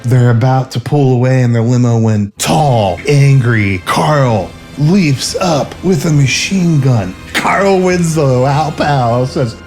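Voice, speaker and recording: A man narrating a drunk retelling of an action movie, rambling and giggling, slipping into quick silly character voices. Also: mid-range voice, a little mellow, faint music behind.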